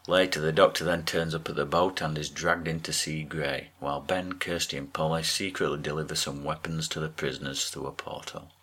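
A man co-hosting a podcast, recapping a TV episode with wry, deadpan asides. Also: extremely low pitch, a little fast, few pauses. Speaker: podcast co-host.

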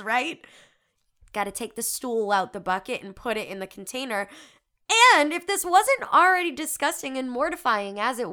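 Bright, giggly young woman. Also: medium pitch. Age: 20s. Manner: candid, giggly, self-deprecating storytelling. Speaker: podcast host. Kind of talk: casual chat.

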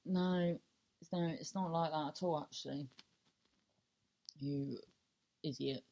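A woman's voice: fairly low pitch, steady tone, moderate pace, mellow, dull audio. A woman in her thirties hosting her own podcast, talking in a chatty, self-mocking ramble that swears, trails off and restarts. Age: 30s. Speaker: podcast host. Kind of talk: casual rambling monologue.

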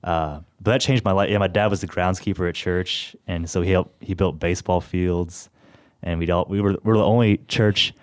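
A man's voice: low voice, steady tone, normal speed, smooth, no room sound, studio quality. A young man from Tennessee, hosting a radio show in casual, rambling chat and laughing easily. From Tennessee, USA.

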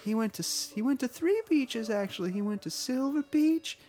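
A woman voicing a prim, sweet elderly lady who talks slowly and with exaggerated politeness, her voice pitched well above her own. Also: expressive, dark tone, faint music behind, close to an everyday voice. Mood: sweetly innocent. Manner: slow, sugary and overly polite.

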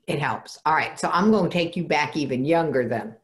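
A woman's voice: low-pitched, a little fast, slight background noise. A woman hosting a podcast, interviewing a guest and recapping his points to steer the talk. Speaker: podcast host.

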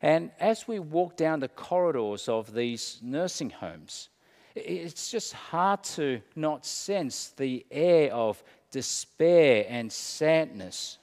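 A man preaching as a pastor, slow and dramatic, dropping to a hush and then rising. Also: on the high side, lively intonation, in a large hall. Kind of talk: sermon.

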